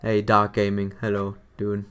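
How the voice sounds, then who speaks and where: A man's voice: on the low side, monotone, moderate pace, a bit bright, smooth, soft background music. A man streaming a game, chatting casually in a rambling way, repeating words and laughing often. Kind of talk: casual live-stream chat.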